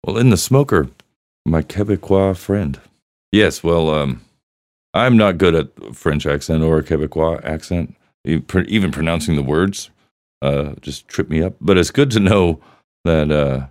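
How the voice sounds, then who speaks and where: A man's voice: rumbling low, unhurried, darkish tone, no room sound, studio quality. A man hosting a podcast, joking crudely and chatting casually as he plays voicemails. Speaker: podcast host. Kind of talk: casual banter reading voicemails.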